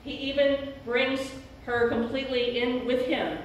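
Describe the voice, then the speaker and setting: A woman pastor delivers an earnest sermon, her somewhat high voice pressing hard on the key words. She sounds distant from the mic, and heavy echo from the church hall fills the recording under a faint hiss. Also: steady tone, unhurried, dull audio. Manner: earnest, emphatic preaching with rising emphasis. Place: church sanctuary. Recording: very echoey church hall, speaker far from mic.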